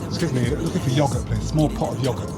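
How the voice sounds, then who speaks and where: A man's voice: medium pitch, quick pace. Chatty man vlogging with music behind. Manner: musing, chatty, talks to himself. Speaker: travel vlogger. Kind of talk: casual vlog narration. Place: city streets and hotel room.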